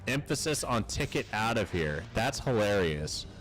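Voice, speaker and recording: A game streamer chats casually through his playthrough, reacting with excitement and jokes. His voice sits on the low side. Faint game music runs in the background. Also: moderate pace. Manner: excited, joking reactions to gameplay. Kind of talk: casual let's-play commentary.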